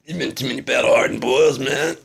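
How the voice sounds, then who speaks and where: A man delivering a rambling comedic monologue in laid-back rocker slang, drawling and swinging from loud bursts to mumbles. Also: medium pitch, steady tone, fairly quick, vocal fry, breathy edge.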